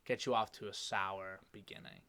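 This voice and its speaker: A young man hosting a casual podcast chat, talking quickly and rambling with a mumble. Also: low-pitched, big pitch swings, vocal fry, bright, forceful tone. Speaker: podcast host.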